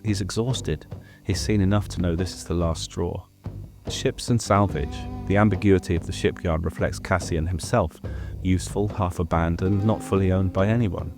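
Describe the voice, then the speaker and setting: Low-voiced man narrating over guitar music. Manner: measured, analytical narration with rambling asides. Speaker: show commentator. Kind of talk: scripted episode breakdown.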